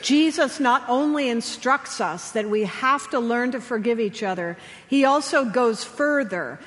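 A woman chaplain preaching a sermon, telling stories gently with slow, emphatic pauses. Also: on the high side. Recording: long hall reverb.

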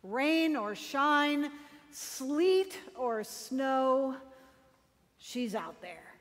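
Slow, high-voiced woman preacher. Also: lively intonation, long reverb tail. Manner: slow, deliberate storytelling with dramatic pauses. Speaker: pastor. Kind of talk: sermon.

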